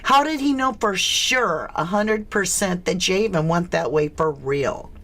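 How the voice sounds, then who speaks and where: A woman's voice: fairly low pitch, lively intonation, a little slow, fairly bright tone. A woman from the States, hosting a casual true crime livestream, chatty and questioning as she greets viewers. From southern United States.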